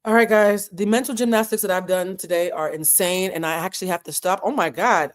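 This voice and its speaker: In a lowish voice with fairly even intonation, a woman reacts to a reality show openly and emotionally, pausing for dramatic effect and occasionally getting moved.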